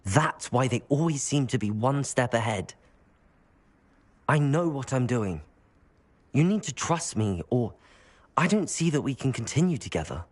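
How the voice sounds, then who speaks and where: An actor playing a calm, firm young wizard student in a video game. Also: male voice, medium pitch, a little slow, pauses often. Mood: stern. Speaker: player character.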